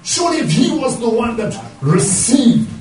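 A high-voiced man preaches a fervent sermon, pressing his points and checking in with the congregation after each one. He sounds distant in an echoing church, with music playing beneath him. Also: sing-song, moderate pace, a little mellow. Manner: impassioned, rhetorical, checks in with 'yeah?'. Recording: echoey room from far off, music underneath.

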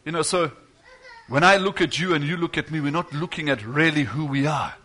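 A man's voice: on the high side, a little fast, pushed and bright, slightly rough. A man preaching a fervent sermon, retelling stories and acting out the quotes.

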